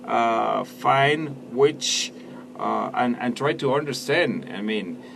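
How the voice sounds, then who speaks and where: Slow, hesitant radio co-host man. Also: medium pitch, vocal fry. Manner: hesitant, searching for words. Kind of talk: casual radio chat about films. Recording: distant mic with some background noise.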